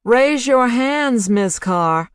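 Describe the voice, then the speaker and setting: A narrator putting on a synthesized celebrity voice that booms over speakers and gives orders with mocking calm. It rises high and loud on its commands. It is an audiobook reading, recorded dry. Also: drawn-out words, clean tone, dry recording.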